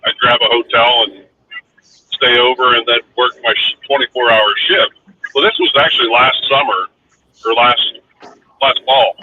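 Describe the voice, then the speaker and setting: A man's voice: medium pitch, steady tone, normal speed. Distant tinny-sounding man telling stories. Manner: rambling, anecdotal, many fillers. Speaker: livestream host. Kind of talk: casual storytelling chat. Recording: distant tinny phone-like line with faint hiss.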